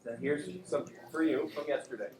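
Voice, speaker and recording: A man's voice: on the high side, steady tone, normal speed. Man lecturing casually in an echoey classroom. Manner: casual, joking, quizzes the class. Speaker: anatomy and physiology instructor. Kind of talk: classroom lecture with questions to students. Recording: echoey classroom, faint room hum.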